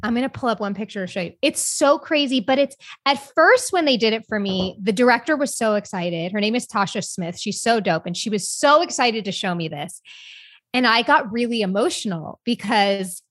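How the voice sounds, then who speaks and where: A young adult woman co-hosting a podcast, talking in a candid, rambling, expressive way. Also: a little high, normal speed, dry recording, clean studio sound. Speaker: podcast co-host. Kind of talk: casual chat.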